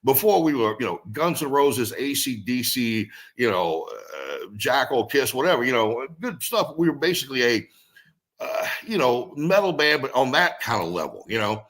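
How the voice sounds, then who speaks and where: A man telling stories in a casual interview, his voice bright and forceful. He swears freely and his pitch swings all over as he acts out the people in his tale. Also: normal speed. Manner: swears freely, animated storyteller. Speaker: guest musician and singer.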